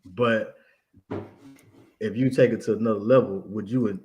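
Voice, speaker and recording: Low-voiced man telling his story. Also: fairly even intonation, moderate pace, darkish tone. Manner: reflective, slangy, asks "you know what I'm saying". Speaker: co-host. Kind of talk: casual personal storytelling.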